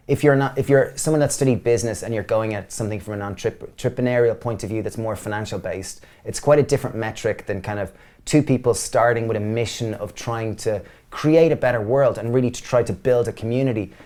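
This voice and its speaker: A quick-talking Irish man in his thirties, chatting as a guest. He rushes through his stories with eager enthusiasm and slips into other people's voices as he tells them. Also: on the low side, darkish tone. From Ireland. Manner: enthusiastic storyteller, acts out voices. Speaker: guest, business co-founder. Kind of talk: casual interview chat.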